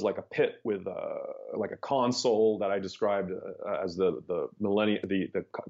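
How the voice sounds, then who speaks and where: A man telling his story as a podcast guest, rambling and animated, with many restarts. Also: fairly low pitch. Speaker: interview guest, startup founder. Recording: dull lo-fi podcast audio.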